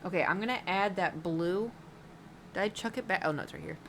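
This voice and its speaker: A woman's voice: lowish voice, fairly quick, fairly bright tone, a little hiss or hum. A woman streamer chatting casually while painting, rambling with lots of fillers and giggles.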